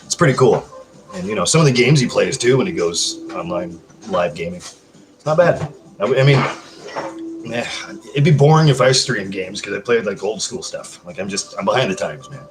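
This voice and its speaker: A man's voice: fairly low pitch, lively intonation, normal speed, noisy background. Guy rambling to his stream chat from home, crude jokes, swears a lot, laid back. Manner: joking, crude, chatty with viewers. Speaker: live streamer. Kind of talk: casual live-stream chat.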